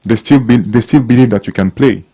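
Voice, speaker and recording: A man giving casual, encouraging advice to young people, with halting restarts. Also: medium pitch, dark tone, slightly rough. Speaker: guest speaker, former footballer. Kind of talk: casual talk to young audience.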